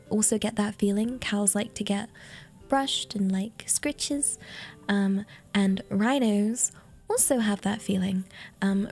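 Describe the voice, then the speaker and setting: A woman's voice: medium pitch, a little mellow. A British woman streamer chatting casually, rambling and giggling, with lots of fillers. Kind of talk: casual chat.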